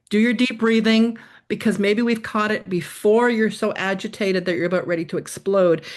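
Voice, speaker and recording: A middle-aged woman answering interview questions on workplace stress, telling stories and acting out quoted lines. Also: mid-range voice. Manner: animated storyteller, acts out quotes. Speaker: guest expert on workplace stress.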